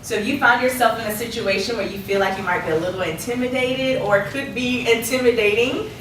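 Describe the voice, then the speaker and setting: A woman coaching a workshop audience on public speaking, lively and laughing often as she acts out quotes. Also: on the high side, a little fast, far from the mic, slight background noise. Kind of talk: workshop presentation. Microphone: distant room mic. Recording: echoey room recorded from afar.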